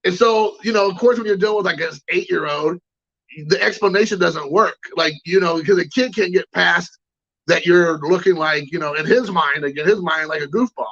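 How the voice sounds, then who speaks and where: A man's voice: high-pitched, gravelly, a bit bright, highs cut off. A man hosting a collecting show, telling a rambling anecdote in casual chat and greeting viewers. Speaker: card collecting show host.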